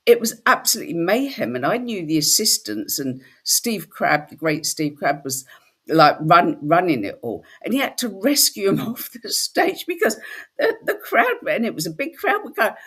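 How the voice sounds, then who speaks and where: Woman host, husky voice, very lively pitch, chatty storyteller. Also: moderate pace. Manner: animated storytelling, slips into quoted voices. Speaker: spiritual workshop host. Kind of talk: casual chat.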